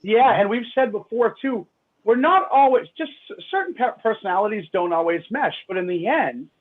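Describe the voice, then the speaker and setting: A man co-hosting a radio talk show, chatting excitably with large jumps in pitch. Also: normal speed. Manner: excitable, with big swings in pitch. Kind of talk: casual talk-show chat. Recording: phone-line call-in audio.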